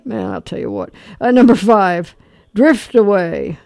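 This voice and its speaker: A man's voice: sits high, big pitch swings, creaky, a little mellow, no echo. Chatty radio host guy running a music quiz, dry close mic, lots of stories. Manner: chatty, storytelling, quick quiz banter. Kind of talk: call-in music quiz show.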